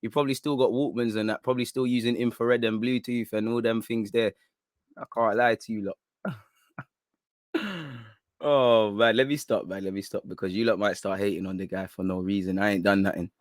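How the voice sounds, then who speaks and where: A man's voice: fairly low pitch, fairly even intonation, fairly quick, no room sound, studio quality. Bantering young man. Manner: banters with viewers, laughs often, street slang. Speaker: football channel host. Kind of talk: casual livestream chat.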